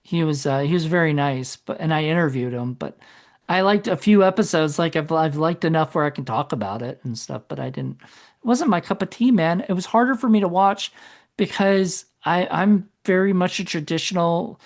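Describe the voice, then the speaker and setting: A man with a fairly high-pitched voice co-hosts a casual podcast, speaking at a normal speed. He rambles, corrects himself as he goes, and lets his thoughts trail off.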